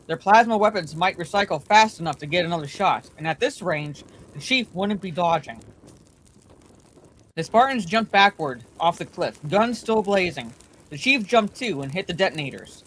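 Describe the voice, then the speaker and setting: A woman reading a bedtime story aloud in a steady, plain way, her voice slightly congested from allergies. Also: lowish voice, moderate pace, rough recording.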